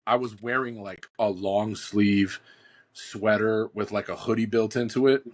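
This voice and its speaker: A man co-hosting a podcast, telling a story in casual chat, animated and full of "like" and "dude". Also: fairly low pitch, a little slow. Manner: animated, acts out quotes, says "like" and "dude" often.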